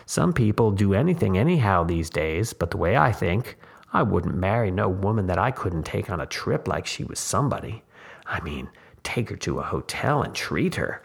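A man's voice: low-pitched, very animated, normal speed, vocal fry, slightly rough, heavily acted. A man reading a story, voicing a drifting country handyman, plain-spoken and firm. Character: drifting one-armed country handyman, guarded. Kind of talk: audiobook character voice.

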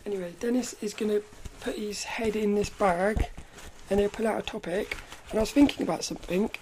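Dark-voiced rambling woman podcaster. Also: medium pitch, steady tone, fairly quick, a little hiss or hum. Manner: rambling, stop-start, self-correcting. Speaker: podcast host. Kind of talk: casual solo chat.

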